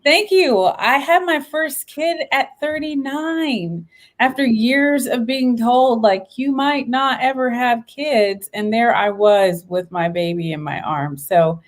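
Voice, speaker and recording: A woman in her late thirties, a guest in an interview, talking in an animated, expressive and upbeat way. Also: on the high side, slow. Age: 30s. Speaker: guest, veteran and entrepreneur. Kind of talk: casual interview chat.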